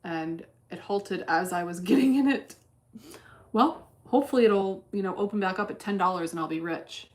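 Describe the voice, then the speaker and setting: A woman's voice: mid-range voice, normal speed. A woman streaming her day trading in casual chat, blunt and cursing freely as she thinks aloud. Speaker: livestreamer trading stocks.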